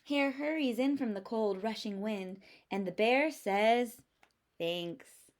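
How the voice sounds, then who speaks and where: A teacher reading a picture book aloud to young children, expressive and explanatory. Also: female voice, fairly high pitch, measured pace.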